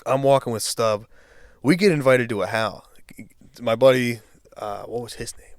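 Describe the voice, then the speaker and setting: Swearing, animated young man telling a story. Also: medium pitch, moderate pace, no echo, clean studio sound. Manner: animated storyteller, swears freely, rises loud when reliving anger. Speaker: podcast co-host. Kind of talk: casual storytelling chat.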